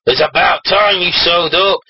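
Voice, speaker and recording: A man voicing a furious, boastful villainous warrior, roaring slowly and theatrically in a dull lo-fi recording. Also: sits high, creaky, noisy background. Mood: mocking.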